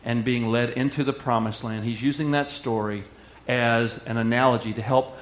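A male pastor preaching a sermon with energetic call-and-response delivery. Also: mid-range voice, normal speed, a little hiss or hum. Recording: echoey hall.

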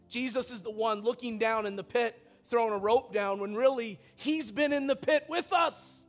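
A man preaching a sermon in a church as pastor, earnest and often repeating words as he goes. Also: very high-pitched.

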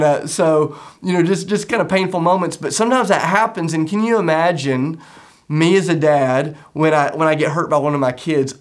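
A middle-aged man preaches to his congregation with a gravelly, mid-range voice. His delivery is earnest and conversational, and he leans on repeated phrases for emphasis. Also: medium pitch. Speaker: pastor. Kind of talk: sermon.

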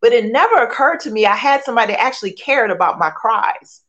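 A middle-aged woman from Philadelphia, USA, shares her faith testimony as a guest, candid, emotional, and repetitive, firing off rhetorical questions. Her fairly high voice is animated, quick, and a bit bright, with lo-fi sound.

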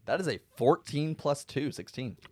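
A man playing a tabletop game, calling out his moves and rolls in a low, mumbled way. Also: lively intonation, normal speed, no room sound. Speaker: player. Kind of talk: casual tabletop play.

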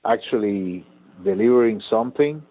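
A man telling rambling, profane stories in a casual chat. His voice is on the low side and husky. It comes through a thin, phone-like line. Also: moderate pace, no echo.

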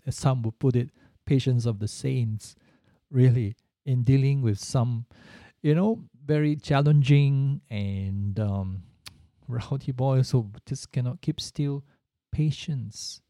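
A man's voice: medium pitch, unhurried, mellow, no room sound, studio quality. A middle-aged man giving an earnest, reflective storytelling talk, repeating points for emphasis. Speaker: speaker.

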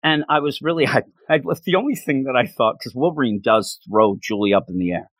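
A man in casual chat, excitedly recapping a comic book issue in a rambling way. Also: medium pitch, brisk, no room sound. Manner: enthusiastic, rambling recap with frequent laughs.

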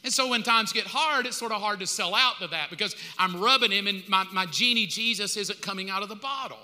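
A man's voice: sits high, fairly quick, sharp tone. A man from the United States preaching a sermon as pastor, in a casual, colloquial way with slang asides. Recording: long reverb of a large hall.

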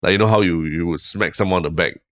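A man with a deep, low voice and a Singaporean English accent, co-hosting a casual podcast chat. He tells stories in a relaxed, rambling way and drops "lah" often. The sound is close and dry. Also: fast, no room sound. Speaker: podcast co-host.

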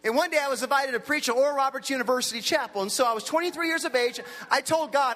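A man in his forties preaching a lively storytelling sermon, acting out the people in his stories. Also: extremely high pitch, fast talker, few pauses. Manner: animated, impersonates characters in his stories. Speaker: pastor. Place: large hall with an audience. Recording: long hall reverb.

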